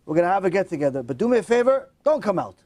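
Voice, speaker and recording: An embarrassed young man pleading with his mother, as a storyteller voices him, insistent and a bit lower than the narration. The voice rises and falls with strong feeling. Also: very animated, racing, a little mellow, dry recording. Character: grown son, embarrassed and pleading.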